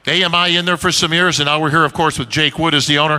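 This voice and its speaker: Bright-voiced male emcee. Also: fairly high pitch, fast talker, smooth, poor audio. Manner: reminiscing, animated emcee. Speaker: host of press conference. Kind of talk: emcee speech to audience.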